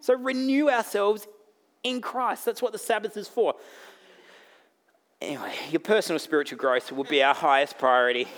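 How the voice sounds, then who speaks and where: An Australian man preaches a sermon as a pastor, blunt and full of jokes, veering from loud outbursts to hushed asides. His voice sits high, and he keeps a moderate pace broken by long pauses.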